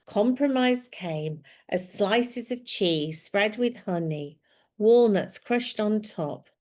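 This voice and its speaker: A woman telling a story in a scripted narration, reading in a gentle, descriptive way. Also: mid-range voice, animated, slow pace.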